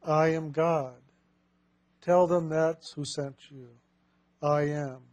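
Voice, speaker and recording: A man quoting God speaking to Moses, slowly and solemnly in his own voice. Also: on the high side, fairly even intonation, darkish tone, no echo, dull audio.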